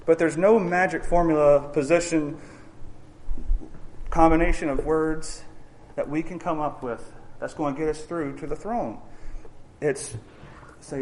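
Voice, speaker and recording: A man's voice: medium pitch, a little mellow, slight background noise. A man preaching a sermon in a conversational, earnest way, often acting out honest prayers to God.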